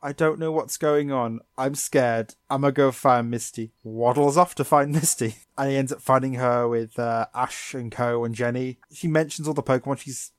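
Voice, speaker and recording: Man, podcast co-host, sarcastic recap, animated, mid-pitched, dry close mic. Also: no room sound. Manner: sarcastic, animated storytelling with quick impressions. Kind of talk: comedic episode recap.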